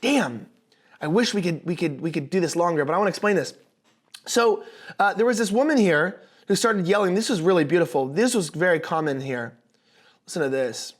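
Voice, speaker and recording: A young man hosting a casual political commentary monologue, speaking in a notably high voice. He sounds animated and sarcastic, often stumbling and restarting his sentences. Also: a little fast. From United States.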